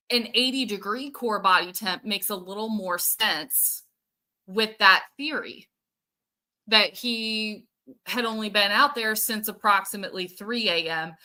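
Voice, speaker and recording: Chatting through viewer comments on her casual livestream, a female show host thinks out loud and uses plenty of fillers. Her voice is mid-range with a sharp tone.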